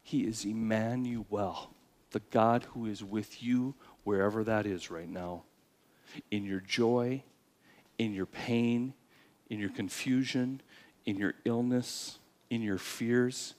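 Low-voiced man preaching a sermon. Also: fairly even intonation. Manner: earnest, swings between loud emphasis and quiet, slowed phrases. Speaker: pastor.

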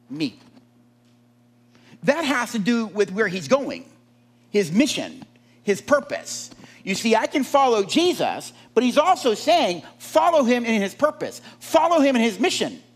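Animated preacher, high lively voice. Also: male voice. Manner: animated, asks the congregation questions. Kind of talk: sermon.

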